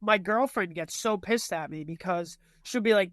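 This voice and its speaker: A man's voice: high-pitched, moderate pace, hardly any pauses, fairly bright tone, dry recording. A young man telling ghost stories in casual chat, rambling with lots of fillers and restarts. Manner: rambling, filler-heavy storytelling.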